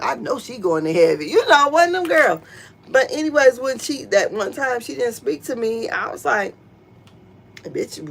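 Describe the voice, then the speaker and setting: A middle-aged woman giving casual gossip commentary, blunt and profane, who jumps into squealing high voices when she quotes people. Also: a bit bright. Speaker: show commentator.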